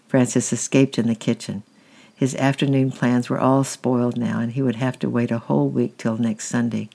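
A man narrating a storybook with a calm, steady reading. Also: mid-range voice, normal speed, gravelly.

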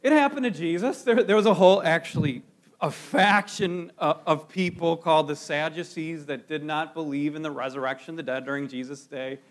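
A man with a high-pitched voice preaching a sermon. He talks to his congregation casually, asking rhetorical questions. He often stumbles and restarts his phrases as he goes. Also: brisk. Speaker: pastor.

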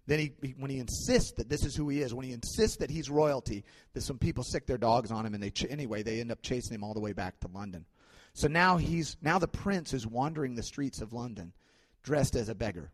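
A man with an ordinary middle-range voice retells an old tale to listeners, loose and conversational, often circling back to restart a phrase. His words trail into the long reverb of a large hall. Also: medium pitch. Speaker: speaker retelling a classic story to an audience. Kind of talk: informal spoken storytelling.

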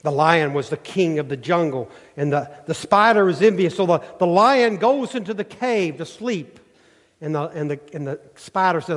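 A male pastor preaching a sermon with emphatic, rhythmic delivery and dramatic pauses. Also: on the high side, lively intonation. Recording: long hall reverb.

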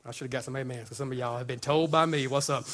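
A man's voice: medium pitch, fairly even intonation, quick pace, a bit bright. A man preaching a sermon to his congregation in a conversational, joking way, often repeating words as he builds up. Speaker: pastor.

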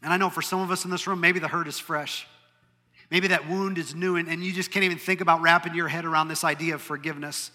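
A man preaching a sermon to a room, with dynamic delivery that swings between loud emphasis and hushed moments. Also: on the high side, steady tone, fast talker. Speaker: pastor. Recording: long hall reverb.

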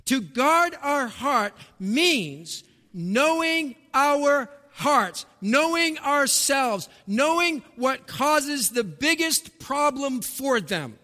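A man preaching a sermon, emphatic, with rhetorical questions, rising to shouts and dropping to a hush, in a church sanctuary. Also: extremely high pitch, big pitch swings, extremely slow. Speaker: pastor. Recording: long reverb of a large hall.

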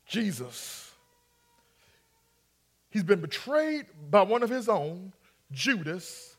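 Man preaching a sermon, very high voice, slow drawn-out phrasing, acts out the scenes. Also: very animated. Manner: dramatic preaching that acts out scripture, coaxing the congregation. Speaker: pastor.

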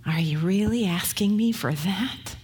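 A woman preacher voicing a desperate, weary widow in a retold scripture story, with a slightly husky tone. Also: medium pitch, measured pace. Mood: despairing.

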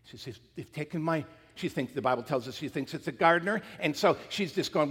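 A man preaching a sermon in a husky voice that climbs high and dips low. He swings from loud emphatic lines to near-whispers, acting out the quotes as he retells the story. The sound carries a long hall reverb. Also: lively intonation, a little fast, hardly any pauses. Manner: retells scenes with acted quotes. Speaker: pastor.

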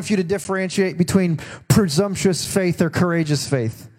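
A man's voice: high voice, moderate pace, a little mellow. A middle-aged man preaching a sermon in a folksy, conversational way, often restarting his sentences. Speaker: pastor.

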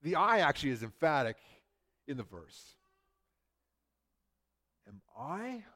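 A man with a slightly high, bright, forceful voice preaches a sermon conversationally at normal speed, very animated. He repeats words often and acts out the quoted lines of the story he's explaining.

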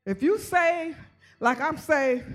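A woman giving a church testimony, calling listeners by name and rising into shouted preaching. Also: high-pitched, lively intonation, slow pace. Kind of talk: testimony sermon.

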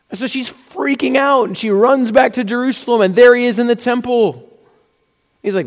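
A man's voice: very high voice, moderate pace. A man preaching a sermon in a conversational, storytelling way, acting out little asides as he goes. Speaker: pastor. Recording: long hall reverb.

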